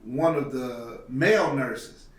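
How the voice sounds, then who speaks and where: A man's voice: medium pitch, slow pace, distant mic, crowd noise. A man telling a personal story on a podcast, acting out the voices of the people in it. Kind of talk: storytelling in casual talk. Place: podcast studio. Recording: roomy echo from off mic.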